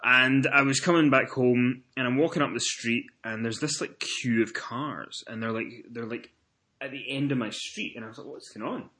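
A man's voice: mid-range voice, steady tone, normal speed, pushed and bright. A man with a Scottish accent hosting a casual wrestling podcast, telling stories in a chatty way and acting out what people said. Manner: chatty storyteller, swears freely, acts out quotes. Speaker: podcast host.

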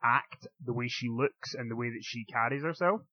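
A man co-hosting a casual wrestling chat, chatty and quick to laugh, often stumbling over his words. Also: mid-range voice, no room sound. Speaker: wrestling podcast co-host. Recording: dull lo-fi dry sound.

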